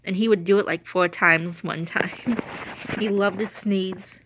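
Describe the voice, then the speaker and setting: A woman's voice: mid-range voice, steady tone, unhurried, noisy background. Chatty woman with a runny nose. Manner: chatty, meandering, laughs often. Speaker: vlogger telling stories about her late dog. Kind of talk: casual rambling storytelling.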